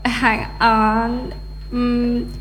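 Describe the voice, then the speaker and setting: A high-voiced woman teaches English in a measured, gentle way, explaining what sounds natural. Her voice rings in a reverberant hall with soft music underneath. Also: flat delivery. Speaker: English tutor. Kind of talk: explaining in a classroom.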